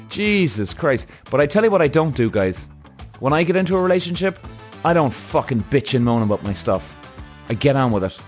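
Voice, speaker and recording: A man hosting his own podcast, ranting bluntly and heatedly, swearing often and correcting himself as he goes. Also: mid-range voice. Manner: restless, self-correcting. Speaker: podcast host. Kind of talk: solo podcast rant.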